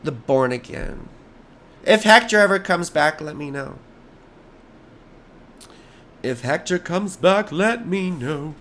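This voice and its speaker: A hoarse American man doing a live astrology chart reading, rambling and easily sidetracked, with jokey asides. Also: fairly high pitch, lively intonation, slow pace, long pauses, a bit bright.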